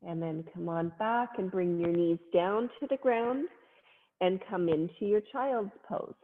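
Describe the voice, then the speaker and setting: A woman leading a family yoga class, cueing poses gently and playfully with little animal sounds. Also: on the low side, measured pace. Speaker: yoga instructor. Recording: phone-like sound in a long-echo room.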